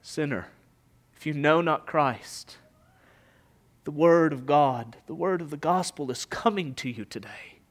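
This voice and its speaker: A man preaching a sermon with passion, rising to loud emphatic peaks and falling to hushed, almost whispered lines. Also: on the high side, unhurried. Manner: impassioned preaching, swelling loud and dropping to near whisper. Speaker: pastor.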